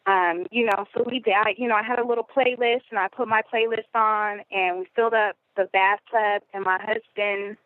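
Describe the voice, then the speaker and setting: Woman, guest, casual storytelling, medium pitch, phone-like sound. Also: steady tone, moderate pace, few pauses, no room sound. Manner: rambling, with many fillers and "you know". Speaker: guest telling her birth story. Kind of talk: conversational podcast interview. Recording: phone-like narrow audio.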